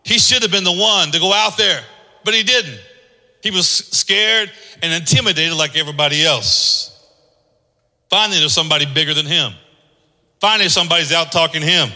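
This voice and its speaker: A pastor preaching an emphatic, repetitive sermon in a church hall. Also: male voice, on the high side, fairly quick, pauses often, pushed and bright. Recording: echoey hall.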